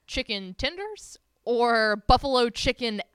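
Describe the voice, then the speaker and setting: Woman sports host, casual and chatty, very smooth tone, dry close mic. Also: on the high side, lively intonation, measured pace, no room sound. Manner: upbeat, chatty, rattles off stats. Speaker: podcast co-host.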